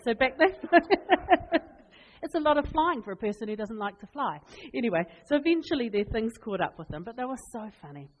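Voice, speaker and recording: A woman preaching a sermon, telling funny family stories with laughs and lively asides. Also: on the high side, a little fast. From New Zealand. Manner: animated, laughing, chatty anecdotes. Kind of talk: humorous storytelling sermon. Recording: long reverb in a hall.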